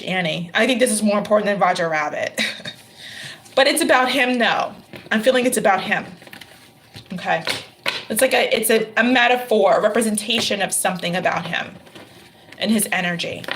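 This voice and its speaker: A woman's voice: mid-range voice, noisy background. A woman hosting a live-stream tarot reading, talking casually to viewers by name and laughing often.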